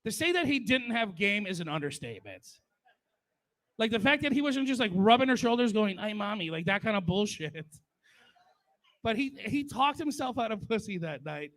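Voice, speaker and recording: A man's voice: high-pitched, very animated, moderate pace, fairly bright tone. A man in his forties doing crude, profane stand-up storytelling at a memorial. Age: 40s. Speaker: stand-up comedian.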